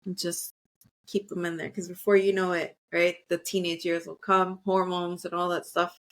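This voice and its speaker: A woman's voice: on the low side, little pitch movement, moderate pace. Woman podcast co-host, casual chat, rambling and reflective. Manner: warm and reflective, rambling with many "like"s.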